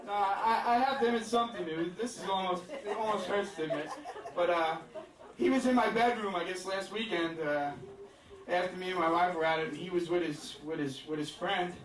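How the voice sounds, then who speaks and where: A man's voice: high voice, fairly quick. A male stand-up comedian rambling through a crude, self-deprecating set with lots of fillers. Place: comedy club stage with a laughing crowd. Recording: echoey club, distant mic, loud crowd laughter.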